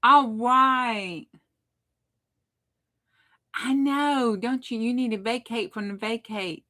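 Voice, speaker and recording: Speaking slowly in a slightly high, sharp-toned voice, this middle-aged woman runs a craft livestream. She keeps up a casual, laugh-filled conversation and talks back to her chat.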